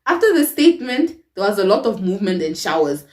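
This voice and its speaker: A young woman telling a personal story to her viewers in a casual, expressive way, laughing often. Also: mid-range voice, quick pace, far from the mic. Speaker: storytime vlogger. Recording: roomy echo, away from the mic.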